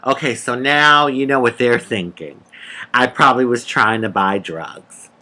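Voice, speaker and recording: A woman telling a personal story in a casual, animated, sassy way, calling the listener honey and laughing between lines. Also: a bass voice, unhurried. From United States. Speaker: vlogger.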